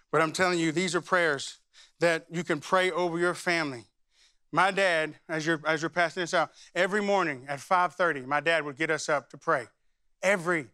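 High, bright-voiced pastor preaching. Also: male voice, clear, resonant tone, dry recording. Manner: conversational storytelling that rises into fervent praying. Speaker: senior pastor. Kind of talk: sermon with spoken prayer. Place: church sanctuary.

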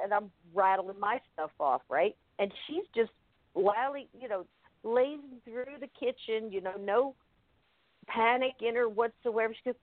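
A woman casually recounting a personal story, vivid and animated. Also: medium pitch, moderate pace, dry recording. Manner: vivid, animated retelling with acted-out moments. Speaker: guest telling a personal story. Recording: tinny phone-line sound, dry.

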